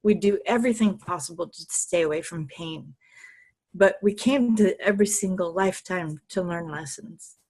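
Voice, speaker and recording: A woman talking as an interview guest, her voice sitting a little low. She tells stories with bursts of energy, laughs often and swears freely. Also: normal speed, darkish tone, slightly rough. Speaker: podcast guest, healer. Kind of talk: casual interview storytelling.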